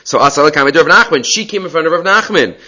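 A man teaching a text study class, reading passages aloud and explaining them in a relaxed, conversational way. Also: on the high side, quick pace, poor audio. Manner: answers student questions. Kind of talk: Talmud class lecture.

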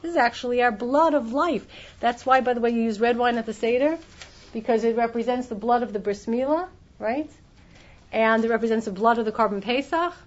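Brisk and a little high, a teacher's voice comes through dull lo-fi audio as she explains Torah, restarting her sentences often and voicing the people she quotes.

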